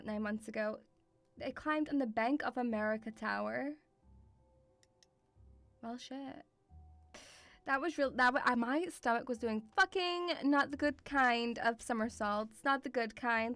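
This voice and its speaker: High-voiced woman streamer, swearing. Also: a bit bright, dry recording. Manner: swears a lot, shrieks and laughs in fright; calls viewers sweetie. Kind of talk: casual reaction commentary.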